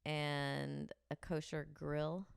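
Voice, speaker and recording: A woman's voice: sits low, level tone, very slow, gravelly, clear, resonant tone, no echo, studio quality. A woman co-hosting a comedy podcast, chatting frankly and teasing with frequent laughter. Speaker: podcast co-host. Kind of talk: comedic casual chat.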